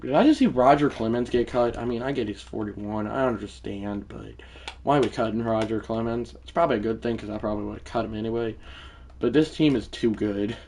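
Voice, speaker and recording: A man's voice: fairly low pitch, fairly quick, creaky, a little mellow, a little hiss or hum. A man live-streaming a video game, commenting on the play and talking to his chat in a rambling, easily irritated way. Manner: talks to chat, easily frustrated, rambling asides.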